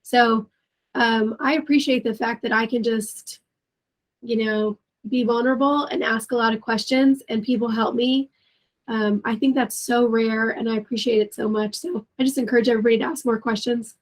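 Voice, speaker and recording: A woman's voice: on the high side, fairly even intonation, moderate pace. A woman in a casual panel chat, talking in a candid, self-deprecating way.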